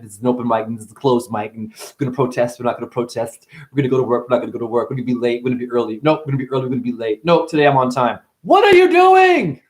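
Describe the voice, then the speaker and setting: A man delivering a rambling spiritual monologue, full of swearing, wordplay and sudden swings from muttering to shouting. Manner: profane, wordplay-driven, jumps between wild pitch swings and mutters. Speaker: spiritual speaker.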